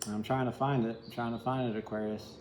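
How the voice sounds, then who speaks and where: A man's voice: mid-range voice, flat delivery, fast, darkish tone, roomy sound, a little hiss or hum, low-quality recording. A man giving a casual, rambling tarot reading, candid and sometimes swearing. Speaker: tarot reader.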